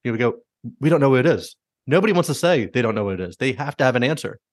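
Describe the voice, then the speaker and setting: A man's voice: mid-range voice, animated, rapid-fire, dry recording, studio quality. A man hosting a podcast, rambling through strong opinions in a casual, profane way. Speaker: podcast host.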